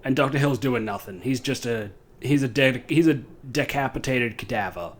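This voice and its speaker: A man's voice: medium pitch, normal speed. A man recapping a horror film in a casual, rambling way, swearing often and laughing at his own asides.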